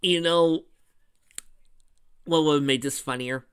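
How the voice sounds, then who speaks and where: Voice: medium pitch, steady tone, slow, fairly bright tone, clean tone. A fan reader narrating a fan story and adding chatty asides. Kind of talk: reading fan fiction with commentary.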